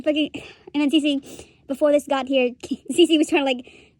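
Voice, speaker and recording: A woman's voice: high-pitched, fairly even intonation, moderate pace, darkish tone, dry recording. A young woman giving a rambling, profane commentary rant, laughing often as she talks. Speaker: streamer commentator.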